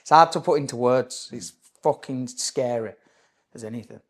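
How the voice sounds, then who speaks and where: A man's voice: mid-range voice, normal speed. A young man with a Yorkshire accent, a podcast guest telling a personal story in a blunt, candid way, with swearing and lots of "mate". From Leeds area, England. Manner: blunt, sweary, calls the listener "mate", keeps saying "do you know what I mean".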